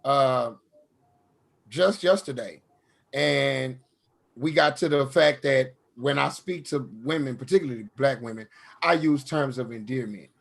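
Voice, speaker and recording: A man's voice: mid-range voice, unhurried, gravelly. A man with a Southern US accent hosting a casual comedy podcast chat, telling stories loosely with lots of fillers and restarts. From American South. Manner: laid-back storytelling with frequent fillers and restarts. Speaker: comedian host.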